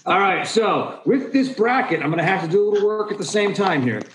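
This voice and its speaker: A man's voice: high voice, lively intonation, a little fast, roomy sound, noisy background. A man hosting a casual chat with friends, running a game in a playful, joking emcee manner. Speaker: podcast host.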